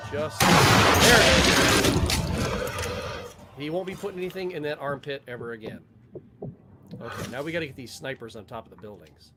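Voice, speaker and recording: Joking man narrating gameplay, loud music behind. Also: fairly high pitch, normal speed, long pauses. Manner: joking, excitable, swears at the game. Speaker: livestream gamer host. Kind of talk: casual gameplay commentary.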